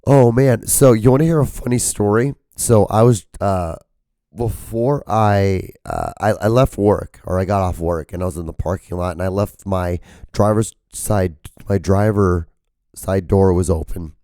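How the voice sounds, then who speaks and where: A man's voice: low voice, a little slow, warm tone, no room sound. A man hosting a podcast who has lost his voice. He rambles casually in a strained, cracking voice, filling his speech with "like" and swearing. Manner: profane, rambling, full of fillers. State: hoarse, losing his voice. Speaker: podcast host.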